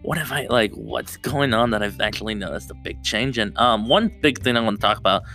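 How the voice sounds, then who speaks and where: A young man talks into a close podcast mic in a bright, forceful voice, rambling and breaking off mid-sentence to start again. Soft guitar music plays faintly underneath. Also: lowish voice, brisk, vocal fry. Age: young adult. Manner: rambling, self-interrupting, restarts often. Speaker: podcast host. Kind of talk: solo podcast chat.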